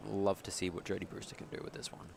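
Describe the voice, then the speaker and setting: A man's voice: low voice, monotone, quick pace, creaky, a little hiss or hum. A man doing casual co-commentary at a live competition, playful and bantering.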